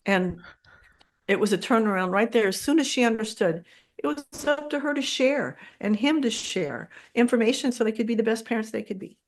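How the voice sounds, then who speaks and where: An older woman with a fairly high voice, guest expert on a podcast. She tells stories from her practice in a lively, animated way and acts out her clients' words as she goes. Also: a little fast. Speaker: guest expert, co-parenting mediator. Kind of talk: casual interview storytelling.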